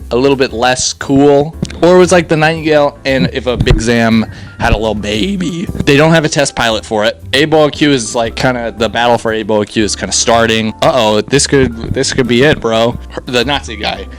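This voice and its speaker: A young man talks through an anime series in a loose, slangy review, excitable and quick to laugh. His voice sits at an ordinary middle pitch. Faint music plays behind him. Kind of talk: casual spoken review.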